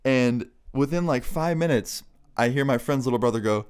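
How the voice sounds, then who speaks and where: A man's voice: medium pitch, normal speed, darkish tone. A young man vlogger telling a funny story in a casual, laughing, swear-filled way.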